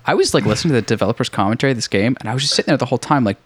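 A man's voice: mid-range voice, animated, rapid-fire. A young man hosting a casual game podcast, rambling with many fillers and frequent laughs. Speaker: podcast host. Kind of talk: casual chat.

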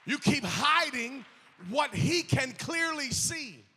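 A man's voice: very high-pitched, animated, slow pace, pushed and bright. A man pastor preaching a sermon with passionate, emphatic repetition. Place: church sanctuary. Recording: echoey church hall.

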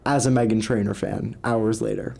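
A man's voice: on the low side, fairly even intonation, moderate pace, creaky, dark tone. A young man co-hosting a podcast, telling stories in a rambling, casual way and swearing freely. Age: young adult. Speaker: podcast co-host.

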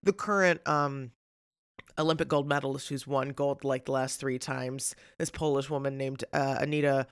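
A woman's voice: very deep voice, moderate pace, smooth, dry recording. Chatty woman, dry close sound. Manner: chatty, animated, many fillers. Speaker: podcast co-host and actor. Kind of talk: casual film discussion.

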